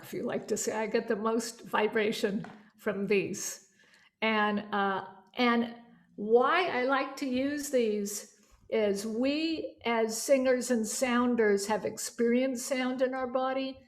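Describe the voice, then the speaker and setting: A woman with a fairly high voice leads a vocal yoga certification class. She's chatty and animated, often pausing to demonstrate different voices and resonance.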